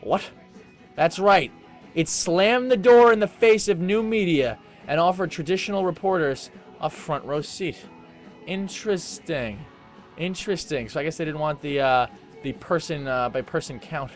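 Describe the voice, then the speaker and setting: A rambling male host talks loosely into a webcam mic at home, his voice sitting a bit high for a man. He reads posts aloud and breaks off into asides, full of fillers. Faint music plays behind him. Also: normal speed. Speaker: internet radio host. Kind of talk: casual rambling webcam talk. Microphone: webcam microphone.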